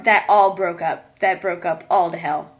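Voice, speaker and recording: A woman's voice: lowish voice, fairly even intonation, moderate pace, breathy edge. A woman hosting a casual podcast over an online call, playful and giggly, restarting the intro again and again. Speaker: podcast host.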